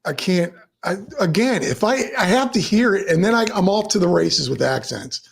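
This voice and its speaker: Host from Maryland, mid pitch, lively swings, gravel and rasp, playful. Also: normal speed. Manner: animated, playful, laughs along, self-interrupting. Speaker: podcast host. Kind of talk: casual interview chat.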